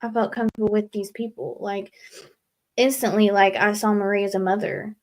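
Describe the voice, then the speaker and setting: A woman's voice: medium pitch, steady tone, brisk. A young woman speaks as a guest in a casual live interview. She talks earnestly and rambles, with lots of fillers. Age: young adult. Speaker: guest leaving a recovery house.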